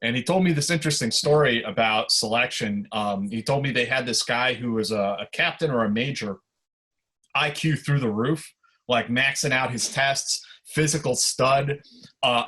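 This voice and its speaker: Easygoing man telling a story. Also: medium pitch. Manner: relaxed anecdotal telling with fillers. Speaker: podcast guest. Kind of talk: casual storytelling.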